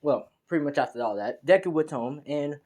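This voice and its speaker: A man's voice: a little high, expressive, brisk, a little mellow. A young man narrating a fan story casually, in a rambling, slangy way. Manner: rambling, slangy, many fillers and restarts.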